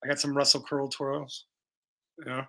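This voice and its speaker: A man's voice: mid-range voice, monotone, normal speed, a bit bright. A young man live-streaming as he paints, chatting loosely and profanely with viewers while he explains his brushwork. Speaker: livestreaming painter.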